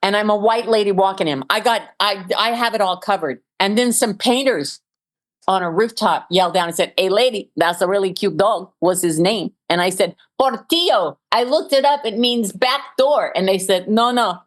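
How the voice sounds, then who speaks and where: A woman's voice: mid-range voice, normal speed. Middle-aged woman comic guest, storytelling, laughs a lot. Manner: laughs often, tells stories with punchlines. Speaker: stand-up comedian guest. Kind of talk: casual comedic interview chat.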